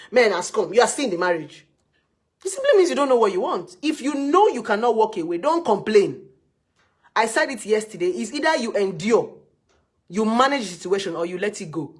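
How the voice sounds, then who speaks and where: A woman's voice: mid-range voice, husky. A woman giving blunt relationship advice, repeating her points and scolding her listeners. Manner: repetitive, scolding, drills points by repeating words. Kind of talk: emphatic advice talk.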